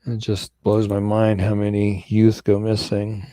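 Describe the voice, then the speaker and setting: A man's voice: on the low side, monotone, unhurried, dark tone, no room sound. A man co-hosting a live talk show on missing people, earnest and folksy, often repeating himself. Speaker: co-host of a missing persons show. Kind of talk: casual live-stream talk.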